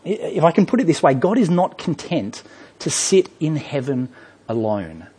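A man preaching a sermon in a church, telling a story with lively rhetorical questions. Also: on the high side, normal speed, husky. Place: church hall.

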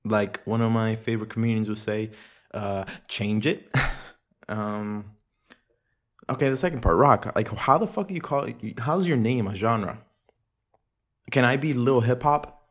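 A man's voice: mid-range voice, a little slow, pauses often, a bit bright. A young man hosting a casual solo podcast, rambling and swearing a lot, often laughing at himself. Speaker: podcast host. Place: home room with echo.

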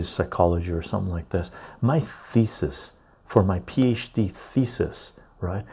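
A man's voice: on the low side, dark tone, breathy edge. A man hosting a casual political podcast chat, rambling and tagging his points with "right?". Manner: rambling, keeps asking "right?". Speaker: podcast host.

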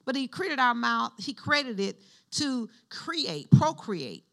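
This woman pastor's voice is on the high side with vocal fry, and she takes her sermon slowly. Chatty and conversational, she shifts from preaching to asides and calls out prompts that draw lively responses from the congregation.

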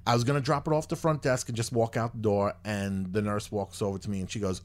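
A man's voice: on the low side, fairly even intonation, fast talker. Exasperated rambling man telling a story. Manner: rambling, exasperated, swears freely. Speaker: podcast host. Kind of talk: casual storytelling chat.

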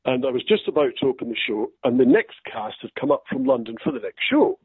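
An older Scottish man, an actor, telling self-deprecating stories in a relaxed interview. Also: mid-range voice, quick pace, gravelly, breathy edge, no room sound. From Scotland. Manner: storytelling, self-deprecating, quotes others in lively voices. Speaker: actor guest. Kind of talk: anecdotal interview chat. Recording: dry tinny phone-like line.

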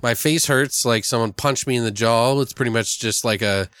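Male podcast host, casual and crude, smooth-toned and dry; just recovered from illness. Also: mid-range voice, moderate pace, a bit bright, no echo. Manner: rambling, profane, joking. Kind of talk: casual chat.

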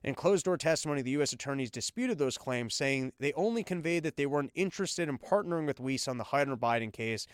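A man's voice: mid-range voice, expressive, fast, hardly any pauses, clean tone, no echo, studio quality. A man hosting a political podcast, reading news items and riffing on them in an irreverent, sarcastic, rambling way. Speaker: podcast host. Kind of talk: casual political commentary.

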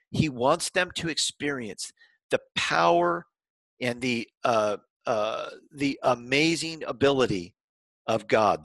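A man delivers a sermon with a bright, forward voice, recorded dry and close with no room sound. He retells scripture in a casual, conversational way, sometimes restarting phrases and slowing down to stress his main points. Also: medium pitch, no room sound, rough recording. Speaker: pastor.

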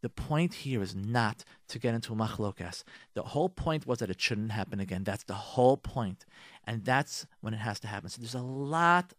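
A man's voice: lowish voice, fairly bright tone, dry recording, clean studio sound. A man hosting a radio advice talk. He speaks emphatically, repeats his key points, speaks straight to his listeners and drops in Hebrew and Yiddish religious words. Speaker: radio host giving marriage advice.

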